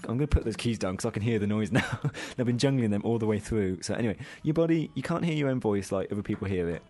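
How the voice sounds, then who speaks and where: Guy on a podcast, kinda low voice, rambly, lots of ums, jokes at himself. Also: fast, dark tone. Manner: rambling and self-mocking, full of ums and laughs. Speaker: podcast co-host. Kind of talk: casual chat.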